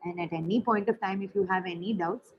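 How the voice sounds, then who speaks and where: A woman leading an online teacher workshop, explaining in a friendly way with quick asides. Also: mid-range voice, steady tone, muffled recording, a little hiss or hum. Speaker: teacher trainer.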